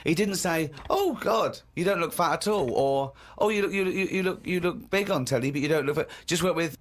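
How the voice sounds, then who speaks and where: A man's voice: on the high side, a little fast. A man bantering on a comedy podcast, teasing and laughing often. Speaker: podcast host.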